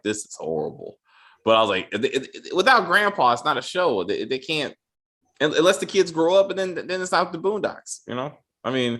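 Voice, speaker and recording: A man's voice: medium pitch, a bit bright. A man co-hosting a casual chat, swearing freely and often repeating his words as he goes. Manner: loose and profane, stammers and repeats words. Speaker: podcast co-host.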